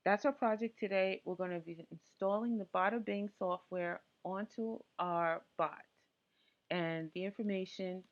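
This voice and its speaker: A woman's voice: fairly low pitch, dull audio. A woman hosting a casual tech tutorial, chatty and full of small asides and fillers. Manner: chatty, lots of ums and asides.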